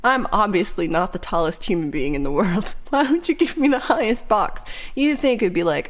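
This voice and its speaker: A woman's voice: medium pitch, normal speed. A woman in her thirties or forties hosting a casual livestream chat, telling ranting stories with plenty of swearing and reading out viewer comments. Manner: animated ranting storyteller, swears freely. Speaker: livestream host.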